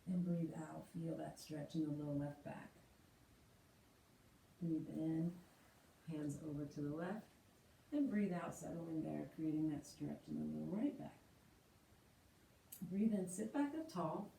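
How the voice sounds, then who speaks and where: A woman teaching yoga, slowly and gently cueing breath and movement. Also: low-pitched, vocal fry. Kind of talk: guided yoga instruction. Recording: roomy echo, voice from a distance, faint hiss.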